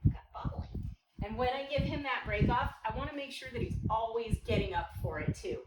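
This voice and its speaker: Woman dog trainer explaining stuff mid-session, loud noise behind her, sounds far off. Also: a little high, animated, a little fast. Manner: instructive, gives short cues to the dog. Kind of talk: explaining training while working a puppy. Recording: echoey, distant mic, loud background noise.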